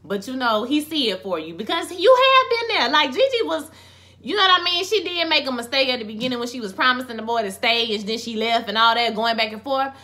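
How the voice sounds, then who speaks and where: A woman giving a casual, animated recap of a TV episode, full of sassy asides to the characters. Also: a little high, fairly quick. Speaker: TV episode reviewer.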